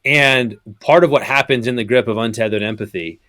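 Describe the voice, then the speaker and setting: A man's voice: mid-range voice, a little fast, pushed and bright, no echo, clean studio sound. A man, a pastor and professor, speaking as a guest in a casual podcast chat, explaining his points step by step with frequent ums. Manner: thoughtful, explains in steps with many ums.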